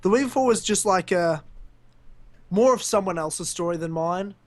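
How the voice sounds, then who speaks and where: A young Australian man telling a lively story on a casual podcast, laughing often. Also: high voice, normal speed, dry recording. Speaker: podcast co-host.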